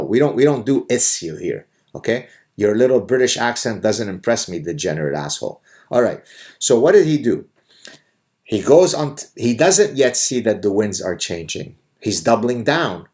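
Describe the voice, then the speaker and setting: A middle-aged man rants in a sarcastic, combative monologue. His voice sits a little low, and he talks like a host holding forth on a live audio chat. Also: lively intonation, unhurried, a little mellow.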